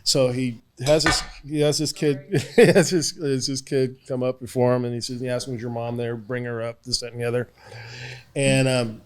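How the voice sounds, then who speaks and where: A laid-back man, a guest in a podcast studio, easing through anecdotes with a chuckle. His voice sits at an ordinary middle pitch. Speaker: podcast guest, retired detective. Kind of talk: casual interview storytelling.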